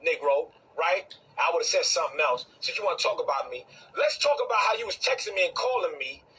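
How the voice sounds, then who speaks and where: A man's voice: a little high, lively intonation, a little fast, pushed and bright, far from the mic, slight background noise, poor audio. A man from Brooklyn, a bishop, delivers a confrontational rant and repeats his phrases for emphasis. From Brooklyn, New York. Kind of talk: heated direct-to-camera rant.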